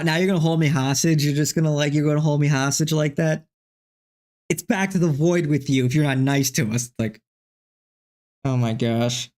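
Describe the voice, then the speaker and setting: A man's voice: medium pitch, a little mellow. A man hosting a live stream, reacting to clips with profane, exasperated rants. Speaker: streamer host.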